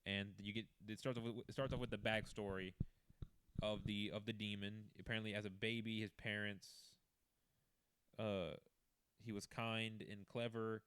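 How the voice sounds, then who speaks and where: Smooth low-voiced man rambling a recap. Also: flat delivery, moderate pace, a bit bright. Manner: rambling, loose, full of fillers and hedging. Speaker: manga reviewer. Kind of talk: casual chapter recap.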